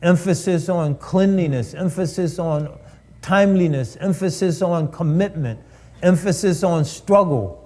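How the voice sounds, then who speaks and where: High-voiced man delivering a preaching lecture. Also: unhurried, a little mellow. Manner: rhetorical, repeats phrases for emphasis. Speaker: speaker at a live-streamed cultural event.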